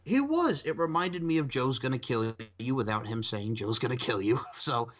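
A man hosting a casual podcast, animated and rambling, swearing and laughing often. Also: mid-range voice, moderate pace. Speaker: podcast host. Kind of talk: casual chat. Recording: dull lo-fi sound.

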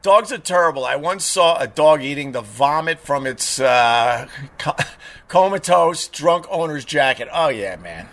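A man with a high, bright voice chatting casually as a show host. He tells a story with energy and does the voices of the people in it. He sounds middle-aged. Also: a little slow. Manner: animated storyteller, mimics voices in retold dialogue.

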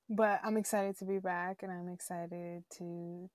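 A woman's voice: fairly low pitch, fairly even intonation, unhurried, darkish tone, no room sound, clean studio sound. A woman co-hosting a casual podcast, easygoing and backing up her partner. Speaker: podcast co-host.

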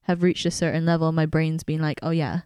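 A woman's voice: sits low, completely flat delivery, fast, mellow, clean tone, dry recording. A woman with a Filipino English accent, co-hosting a casual podcast chat, talking in a reflective, rambling way with many fillers. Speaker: podcast co-host.

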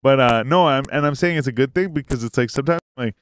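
A man's voice: medium pitch, fast talker. A man hosting a podcast in casual chat, rambling, swearing often and laughing easily. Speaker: podcast host. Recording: faint hiss.

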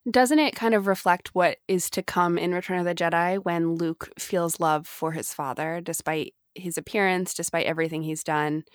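A woman's voice: on the low side, fairly even intonation, normal speed, hardly any pauses, no room sound, clean studio sound. A woman co-hosting a casual fan discussion, chatty and full of fillers and restarts. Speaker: podcast co-host.

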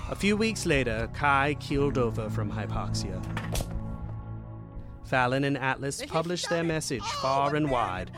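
A man narrating an audiobook story in a dramatic, expressive way. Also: medium pitch.

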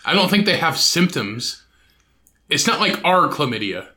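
A man's voice: fairly high pitch, very animated, normal speed, pushed and bright. A man co-hosting a podcast in casual chat, blunt and profane. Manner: blunt, profane, matter-of-fact. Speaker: podcast co-host.

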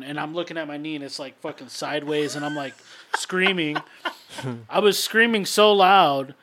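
A man's voice: fairly high pitch, slight background noise. A young man co-hosting a podcast, telling a story in casual, swear-filled chat. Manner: animated storyteller, swears freely. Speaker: podcast co-host.

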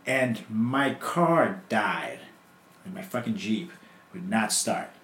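Animated young man telling stories in a roomy space. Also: lowish voice, takes it slowly. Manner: animated, swearing, acts out quotes. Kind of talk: casual storytelling chat.

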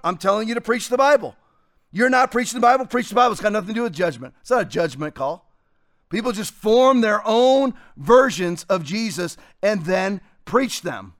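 A middle-aged pastor with a high voice preaches in a forceful, fiery way. He quotes scripture rapidly and pushes his points up into shouts. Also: expressive. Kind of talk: fiery preaching on a talk show.

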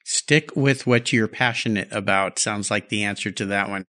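A man's voice: fairly low pitch, moderate pace, pushed and bright. A man hosting a podcast, asking questions with upbeat enthusiasm. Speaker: podcast host. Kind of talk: podcast interview.

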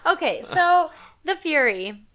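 A woman's voice: high voice, very animated, slow, bright, forceful tone. A woman casually retelling a movie plot in a podcast chat, talking in a loose, rambling way with lots of fillers. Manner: chatty storytelling with frequent fillers and laughs.

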